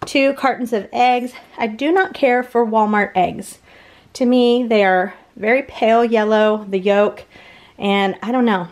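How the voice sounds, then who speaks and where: Chatty woman vlogger, slightly breathless. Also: a little high. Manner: chatty, rambling, quick and upbeat. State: a bit out of breath. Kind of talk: casual grocery haul chat.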